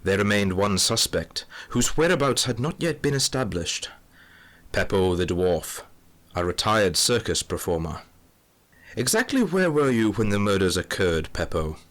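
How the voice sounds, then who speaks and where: A man's voice: on the low side, animated, a little slow, fairly bright tone. A man playing a dry, melodramatic police inspector who narrates a comic mystery audio drama. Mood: wry. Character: hard-boiled Scotland Yard police inspector, middle-aged man.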